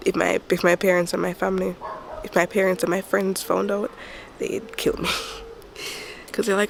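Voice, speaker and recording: A young woman talks into her own camera at home by a window, keeping a casual sick-day video diary. Her voice sits low and gravelly, stuffy and a little raspy from illness. She vents frankly, with some faint ambient hiss behind her. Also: little pitch movement, moderate pace, long pauses. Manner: frank and exasperated, venting. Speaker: vlogger.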